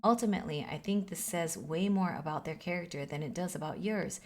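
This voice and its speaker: A woman reading the lines of a caring, slightly goofy father from a video game, earnest and gently reassuring. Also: on the low side, brisk. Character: caring, goofy single dad consoling his daughter.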